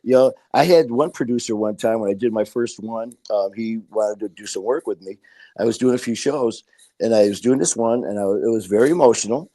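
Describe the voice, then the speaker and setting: A man's voice: on the low side, a little fast, mellow. Candid, swearing man telling stories. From Detroit, Michigan. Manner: candid, swears freely, tells stories with quoted dialogue. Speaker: podcast guest. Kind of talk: casual interview talk.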